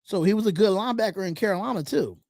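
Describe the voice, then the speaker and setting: Casting: male host with a high voice, loose and repetitive, close and dry. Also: lively intonation, very fast, gravelly, a little mellow, no room sound. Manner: chatty, repeats phrases, reads comments aloud. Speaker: podcast host. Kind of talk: casual live-stream chat.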